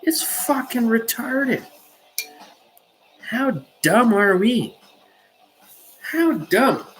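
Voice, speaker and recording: A woman's voice: fairly high pitch, very animated, extremely slow, slight background noise, low-quality recording. A woman hosting a podcast, ranting heatedly with lots of swearing and filler words. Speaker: podcast host. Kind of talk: profane rant on a podcast.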